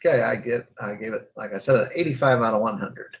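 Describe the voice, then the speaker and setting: A man's voice: lowish voice, quick pace, poor audio. Hesitant man reviewing movies. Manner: hesitant, lots of filler "uh"s. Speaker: podcast co-host, movie reviewer. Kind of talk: casual movie review chat.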